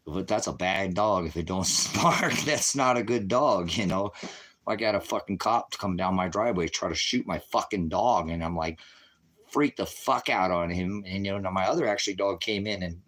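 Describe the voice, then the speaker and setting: A man's voice: low voice, moderate pace, a bit bright. A man who leads a ministry, rambling angrily in a profane monologue and swearing heavily. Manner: rambling, angry, heavy swearing. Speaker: ministry leader.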